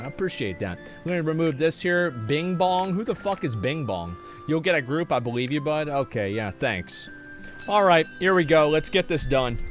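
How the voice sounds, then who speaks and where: A man's voice: medium pitch, fairly bright tone. A man streaming live, chatting casually and reading chat messages in a sarcastic, profane, rambling way.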